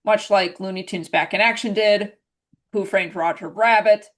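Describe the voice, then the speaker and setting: A woman's voice: medium pitch, steady tone, moderate pace. Woman interviewer asking friendly questions. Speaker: interview host. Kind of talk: casual interview chat.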